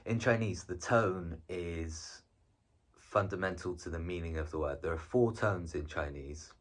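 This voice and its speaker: A man's voice: sits low, a little slow. A man presenting a casual, chatty language lesson on video, rambling a little with frequent ums and restarts. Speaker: video presenter teaching Chinese.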